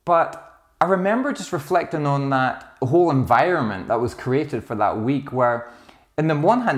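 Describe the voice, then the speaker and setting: A man's voice: mid-range voice, lively intonation, moderate pace. A middle-aged man, a pastor, preaching a sermon in a reflective, conversational way, telling stories with small restarts.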